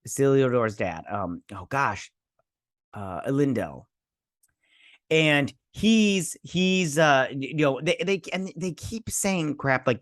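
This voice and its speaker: Male host, sarcastic rambling reviewer, mid-pitched, dry close sound. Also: animated, slow pace, fairly bright tone, no room sound. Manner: rambling, sarcastic, lots of fillers and restarts. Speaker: show host reviewing a TV episode. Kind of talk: casual spoken review.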